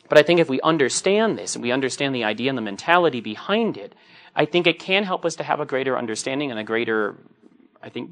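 Middle-aged priest, joking homily. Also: male voice, medium pitch, fairly bright tone. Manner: anecdotal and joking, acts out quoted voices. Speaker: Catholic priest. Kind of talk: conversational homily.

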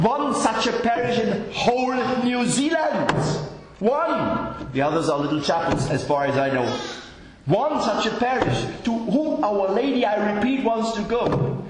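A priest giving a sermon in a church, preaching fervently and emphatically, repeating phrases for effect. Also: male voice, high voice, noisy background. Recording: very echoey church hall.

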